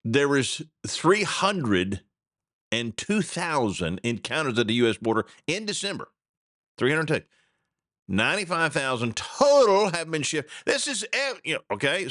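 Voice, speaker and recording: Animated, ranting talk-show man. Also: on the high side, normal speed, no echo, clean studio sound. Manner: animated, ranting, chuckling asides. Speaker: radio talk show host. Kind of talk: casual opinion talk.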